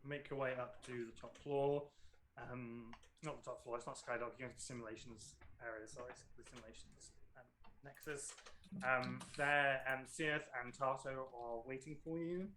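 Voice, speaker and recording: A man's voice: mid-range voice, fairly even intonation, normal speed, background noise. A man running a tabletop role-playing game as game master, narrating the scene hesitantly with many ums and self-corrections.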